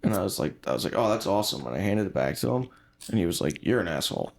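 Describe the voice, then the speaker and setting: A man's voice: low voice, very animated, racing, vocal fry, a little mellow. A young comedian chatting as a podcast guest, joking, swearing freely and acting out quotes in his stories. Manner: swears a lot, jokey, acts out quotes. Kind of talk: casual chat.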